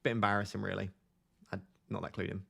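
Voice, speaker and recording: Gravelly-voiced man joking on a live stream. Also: on the low side, level tone, fast, sharp tone. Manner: jokey, reads viewer comments aloud and laughs a lot. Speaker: fantasy football streamer host. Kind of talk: casual live stream chat.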